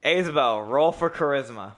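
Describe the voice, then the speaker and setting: A young man narrating as game master of a casual tabletop game, loose and rambling, often clearing his throat and laughing. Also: mid-range voice, lively intonation, moderate pace, fairly bright tone.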